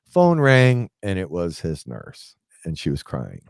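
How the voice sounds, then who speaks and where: This man in his forties speaks unhurriedly in a low voice with vocal fry and huge swings in pitch. His personal story rambles casually, full of fillers, as he keeps dropping into quoted dialogue, all captured in studio quality with no room sound.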